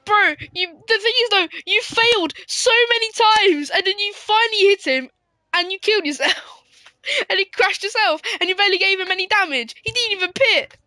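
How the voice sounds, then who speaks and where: A woman giving casual, excitable live sim racing commentary, giggling and swearing as she banters. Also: very high voice, moderate pace, dry recording.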